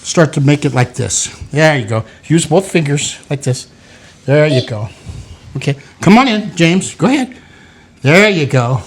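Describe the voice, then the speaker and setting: An older man with a notably high voice hosts a relaxed home cooking show. He coaxes and cheers on children as they work, in a playful, encouraging way. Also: a little slow. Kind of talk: casual cooking demonstration with kids.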